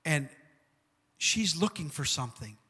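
Male preacher, sermon, fairly high voice, lively asides, long hall reverb. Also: measured pace, husky. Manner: animated, call-and-response asides like "come on" and "amen".

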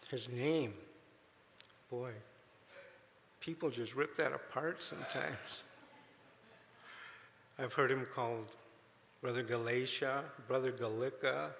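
A man speaks informally to a congregation in an emotional, chatty way, joking gently between fillers. His voice is bright with a gravelly fry. The sound carries a long church-hall reverb over faint room noise. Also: medium pitch.

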